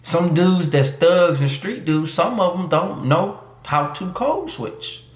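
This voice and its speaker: A man delivers a loose, emphatic monologue packed with street slang, now and then slipping into mocking voices. His voice sits a little high and moves a lot as he talks. The room around him rings with echo. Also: animated, slow. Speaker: YouTube commentator. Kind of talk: casual opinion monologue.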